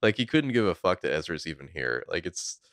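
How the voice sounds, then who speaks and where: A man's voice: low voice, sing-song, fairly bright tone, no room sound, clean studio sound. A man co-hosting a podcast, casually recapping a TV episode scene by scene and swearing now and then. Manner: laid-back, recounting scenes with quick quoted lines and swearing. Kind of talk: casual chat.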